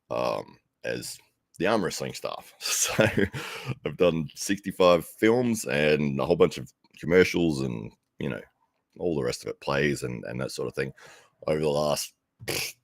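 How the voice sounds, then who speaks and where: A man's voice: extremely low pitch, a little slow, gravelly, dry recording, studio quality. A middle-aged man working as an arm wrestling commentator tells a rambling, casual story, chuckling often and growing livelier when he quotes himself.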